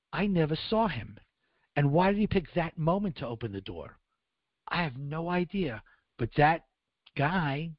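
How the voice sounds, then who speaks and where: A man's voice: a little high, no room sound, highs cut off. A man speaking on the radio, telling his story in the first person and voicing the people in it. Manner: earnest, acts out dialogue in raised voices. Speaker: guest recounting survival.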